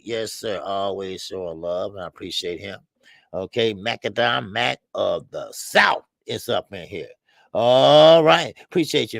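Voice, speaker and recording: A man's voice: medium pitch, fairly bright tone, dry recording. A man hosting a casual boxing livestream, reading out viewer names and talking slangy, loose banter. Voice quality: gravelly.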